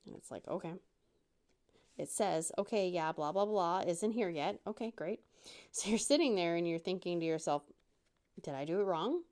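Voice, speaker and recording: A woman's voice: lowish voice, expressive, normal speed, darkish tone. A woman hosting a crafting vlog, chatting in a rambling, self-deprecating way with lots of restarts while she works on a craft. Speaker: crafting channel host.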